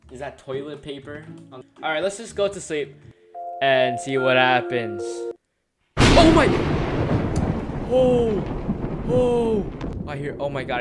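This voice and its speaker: A man doing casual horror game commentary, with jumpy, exclamatory slang. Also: mid-range voice. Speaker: gaming video creator.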